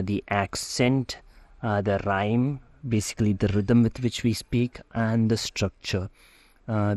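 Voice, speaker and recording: A man gives a slide lecture on German phonetics at an unhurried, deliberate pace, his voice sitting fairly low. He hesitates often and fills gaps with "uh". The recording is dry and close, with no room sound. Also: a little mellow, dry recording. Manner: slow, hesitant, many "uh" fillers. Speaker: German language teacher.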